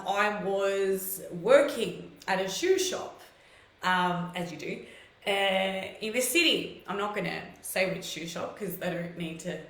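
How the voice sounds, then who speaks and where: A woman's voice: mid-range voice, a bit bright, reverberant, low-quality recording. A woman hosting a live stream, telling personal stories in a casual, chatty way and greeting viewers by name.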